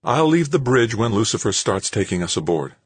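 A man's voice: on the low side, big pitch swings, a little fast, slightly rough, dry recording, pitched above the performer's own voice. A man voicing a tough female ship captain who gives curt orders. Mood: commanding. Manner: curt, commanding.

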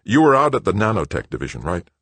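A man's voice: fairly low pitch, huge pitch swings, fast talker, fairly bright tone, husky, no room sound, voice pushed up, full character voice. A man putting on a pushy eager young executive. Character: eager scheming businessman son, adult male.

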